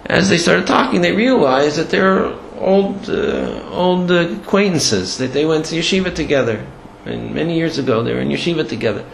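Gravelly, halting man telling Torah stories. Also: on the high side, animated. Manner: halting, many restarts, sprinkled with Hebrew and Yiddish terms. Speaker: Torah lecturer. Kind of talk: storytelling Torah lecture. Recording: echoey room, faint background noise.

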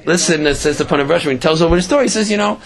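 A man teaching a religious lesson by telling a story, halting often, repeating words and restarting his sentences. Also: on the high side, noisy background.

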